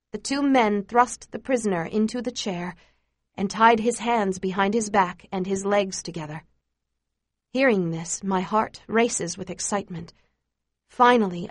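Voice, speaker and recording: A woman narrating a first-person memoir in a measured, earnest reading with dramatic emphasis. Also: medium pitch, no echo. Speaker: audiobook narrator.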